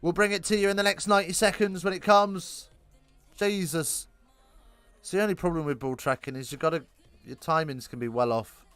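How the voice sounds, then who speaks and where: A man calling a live rugby game, chatty and self-correcting, lifting into excited bursts on big plays. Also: a little high, a little fast, clean tone, dry recording, faint music behind. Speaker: rugby commentator. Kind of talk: live alternative play-by-play commentary.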